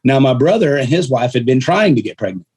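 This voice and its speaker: A man's voice: mid-range voice, fairly quick, husky. A man who is a podcast guest, telling a story casually and acting out the voices of the people in it. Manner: animated, acts out quoted voices.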